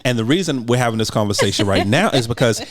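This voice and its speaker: A man's voice: medium pitch, expressive, fast, crowd noise. A man co-hosting a couples podcast, talking things through and often repeating phrases as he thinks aloud. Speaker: podcast co-host. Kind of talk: casual couple chat.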